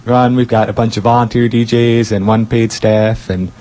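A man's voice: on the low side, level tone, normal speed, a little mellow. A man co-hosting a community radio show, talking in an easygoing way and laughing often. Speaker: radio co-host. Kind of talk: casual radio chat.

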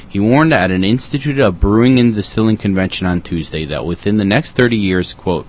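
A man's voice: deep voice, slight background noise, rough recording. A man co-hosting community radio, reading environmental news items with dry joking asides.

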